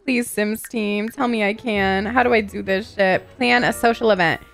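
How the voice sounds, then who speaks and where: A woman giving casual gameplay commentary in an excitable, gossipy and profane way. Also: mid-range voice, moderate pace, gravelly, soft background music. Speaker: gaming YouTuber.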